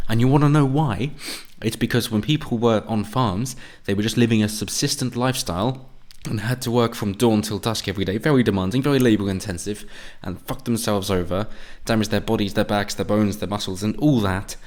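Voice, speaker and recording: A man's voice: fairly low pitch, brisk, a little mellow. A man delivering a sarcastic, profanity-laced political rant as a commentator. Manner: sarcastic, profane, mocks opponents in put-on voices. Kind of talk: ranting monologue.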